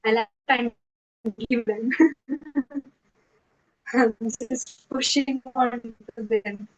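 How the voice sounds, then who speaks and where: A woman giving a devotional scripture class, telling stories in an earnest, animated way. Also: on the high side, very slow. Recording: slightly muffled lo-fi recording.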